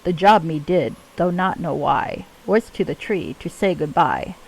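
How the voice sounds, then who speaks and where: A woman's voice: low voice, animated, measured pace, gravelly, breathy edge, exaggerated voice, poor audio. Woman doing a mad rhyming cultist man. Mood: sing-song. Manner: speaks in singsong rhymes with broken grammar. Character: mad rhyming male cultist, broken grammar.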